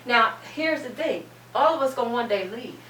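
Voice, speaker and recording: A woman's voice: fairly high pitch, lively intonation, normal speed, a bit bright. A middle-aged woman giving an emphatic, preacher-like testimony as a panel guest, repeating phrases for weight. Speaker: guest, cancer survivor. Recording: echoey room, distant mic, faint hum.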